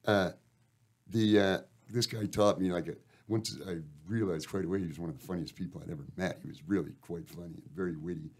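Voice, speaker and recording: A Canadian band member guesting on a radio show tells long, rambling, profane stories sprinkled with "eh." His voice sits low and darkish, brisk, with fairly even intonation.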